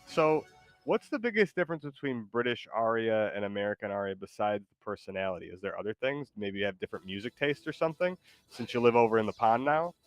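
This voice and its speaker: Rambling man with a low voice. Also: lively intonation, quick pace, no echo, soft background music. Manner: rambling, full of likes and restarts. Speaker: streamer. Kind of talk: casual chat while gaming.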